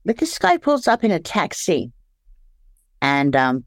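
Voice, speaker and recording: Australian woman, lowish voice, stops and restarts a lot looking for words, dry close mic. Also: wildly swooping pitch, dry recording. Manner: halting, searches for words, repeats starts. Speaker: interview guest. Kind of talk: candid storytelling.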